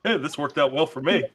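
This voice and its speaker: A man's voice: on the high side, fairly bright tone, husky. A man playing a tabletop game, teasing the others and laughing easily in casual banter. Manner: giggly, teasing. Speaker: player.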